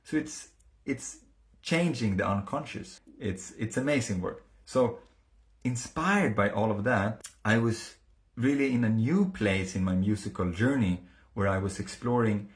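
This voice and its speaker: A man telling a personal story in a casual, earnest way, halting often with fillers and restarts. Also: lowish voice, expressive.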